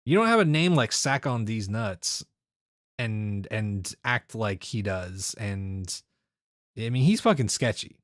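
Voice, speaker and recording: Slow and expressive, this lowish male voice belongs to a game streamer who rambles with his viewers and laughs a lot. The recording is dry and of studio quality.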